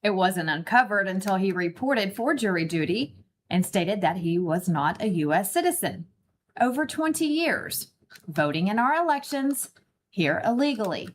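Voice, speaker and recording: A woman's voice: mid-range voice, lively intonation, moderate pace, a little hiss or hum. A woman hosting a morning news show, reading a scripted segment with emphatic, pointed delivery.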